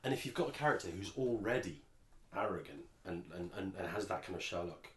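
English man, very low voice, rambling casual podcast talk, roomy echoey sound. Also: lively intonation, fairly quick. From England. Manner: rambling, restarts often. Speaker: podcast co-host. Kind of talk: casual chat.

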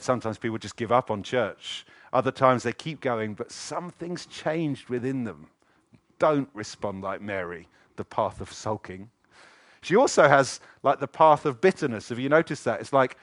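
A middle-aged man preaches in a church with animated energy, jumping into quoted voices as he goes. His voice sits at an ordinary male pitch and is recorded close and dry, with little room sound. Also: moderate pace, dry recording. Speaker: pastor. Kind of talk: sermon.

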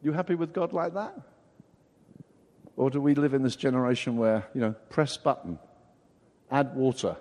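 An older man preaching a sermon, acting out quoted voices with big swings of loudness. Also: medium pitch, moderate pace, pauses often. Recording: long hall reverb.

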